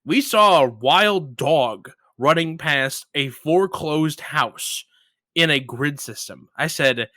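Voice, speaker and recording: Man, podcast host, casual chat, bright tone, dry close sound. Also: slow, no echo. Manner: animated storyteller, rises high when retelling.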